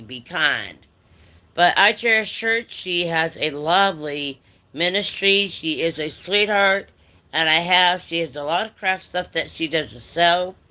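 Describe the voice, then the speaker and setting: A woman hosting a laid-back craft chat stream, talking to her viewers in a folksy, affectionate way. Her voice sits a little low and sounds bright and forceful. She takes her time, drawing out her words.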